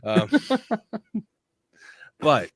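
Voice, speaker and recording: A man's voice: drawn-out words, fairly bright tone, no echo, studio quality. A man playing a tabletop role-playing game, chatting in character with rambling, jokey asides. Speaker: player.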